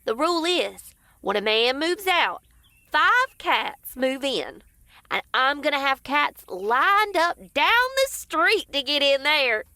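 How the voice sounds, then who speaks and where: A woman's voice: high voice, big pitch swings, takes it slowly, pushed and bright, no echo, exaggerated voice. A woman voicing a scheming female cat who sells real estate, salesy and gossipy.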